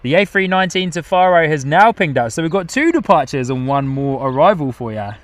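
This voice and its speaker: A man's voice: a little high, lively intonation, moderate pace, no room sound. A man hosting a live plane-spotting stream outdoors at an airport, commenting on planes in a chatty way and reading out viewer comments with frequent laughs.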